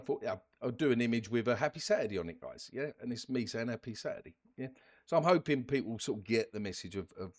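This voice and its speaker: A man talking casually over his screen as host of a crypto channel, chatty, ending lines with "yeah?" and often restarting his words. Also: mid-range voice. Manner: chatty, keeps adding "yeah?" and "guys". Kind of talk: casual screen-share commentary.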